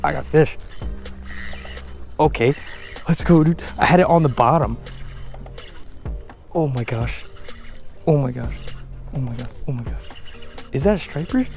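A man filming a casual fishing vlog outdoors on a beach and jetty, talking in an excitable, slangy way and exclaiming often. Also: fairly high pitch, measured pace, creaky, long pauses, faint music behind. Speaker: fishing vlogger.

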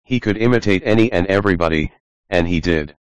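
A man's voice: low-pitched, fast, smooth, no room sound, natural voice. A man reading as a teasing easygoing skunk. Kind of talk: audiobook reading.

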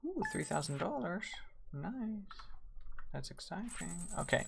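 A woman streaming a game, chatting with viewers as she plays, with sudden excited squeals. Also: creaky, slight background noise. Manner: chatty, reads and answers chat while playing; excitable, quick bursts of high squeals. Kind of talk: live gameplay commentary. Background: faint game music.

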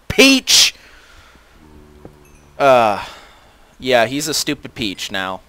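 A man's voice: medium pitch, a bit bright, clear, resonant tone. A teenage boy casually commentating a video game, rambling with many fillers and self-deprecating asides. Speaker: gaming channel host.

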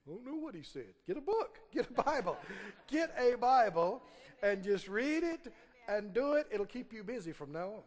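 Male preacher, high and swooping voice, sermon with call-and-response, long church reverb. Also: big pitch swings, moderate pace. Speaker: pastor. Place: church sanctuary.

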